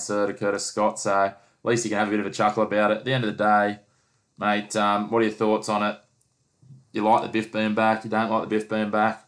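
A low-voiced man talks sport in a quick, fairly flat run of words. He is blunt and teasing, pressing his co-host to pick a side. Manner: blunt, teasing, pushes for answers. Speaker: podcast host. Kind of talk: casual sports chat.

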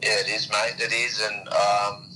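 A man's voice: lowish voice, flat delivery, unhurried, pushed and bright, poor audio. An Australian man co-hosting a sports talk show, easygoing and agreeable in casual chat. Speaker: sports radio co-host.

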